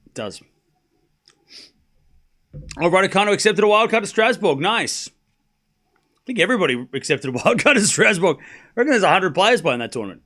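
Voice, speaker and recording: A young man hosting a live tennis watchalong stream, chatting excitedly and talking to his viewers. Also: high voice, moderate pace, pauses often. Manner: excitable, chatty, talks to the chat. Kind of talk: casual live-stream chat.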